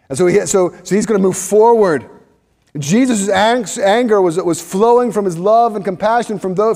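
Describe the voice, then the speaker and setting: A man's voice: sits high, a little mellow, long reverb tail. A man preaching a sermon to his congregation, earnest, often repeating words as he presses a point. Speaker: pastor.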